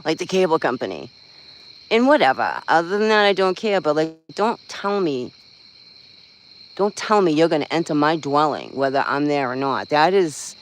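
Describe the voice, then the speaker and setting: A man's voice: on the high side, fairly bright tone, low-quality recording. A man chatting casually on a livestream, venting bluntly, swearing freely and rambling with lots of fillers. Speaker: livestream host. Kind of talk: casual live-stream chat.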